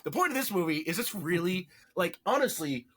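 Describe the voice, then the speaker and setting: A man with a high, sing-song, slightly rough and a bit bright voice talks a little fast. As a podcast co-host, he chats casually about shows he watched, rambling, correcting himself and cracking jokes.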